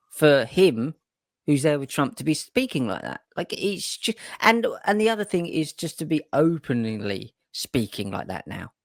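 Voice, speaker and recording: A man's voice: medium pitch, gravelly, no room sound, clean studio sound. A man co-hosting a podcast in casual, emphatic chat who swears freely. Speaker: podcast co-host.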